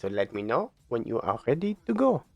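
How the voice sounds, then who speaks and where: A man's voice: medium pitch, very animated, a little fast, gravelly, no echo. A man casting an esports tournament, chatting casually on a live stream between matches, chatty and giggly. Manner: chatty, giggly, plays with silly voices.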